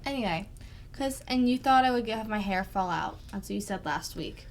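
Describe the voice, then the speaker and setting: A woman's voice: mid-range voice, lively intonation. A woman co-hosting a tabletop gaming chat show, reading viewer questions and bantering playfully. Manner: playful, teasing, quick to argue. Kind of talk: casual chat.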